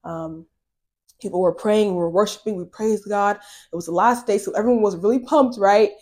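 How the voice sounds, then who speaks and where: A woman's voice: mid-range voice, normal speed, darkish tone. Woman podcast host, earnest and casual, sharing a personal testimony with a loose, chatty delivery. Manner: casual, earnest, many fillers like "like".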